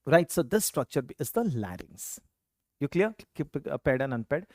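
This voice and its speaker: Lecturer drilling exam facts: animated intonation, quizzes then answers, dry recording. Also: medium pitch, moderate pace, no echo. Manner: quizzes students with questions and answers them himself; repeats key terms for emphasis. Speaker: teacher. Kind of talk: exam-prep anatomy lecture.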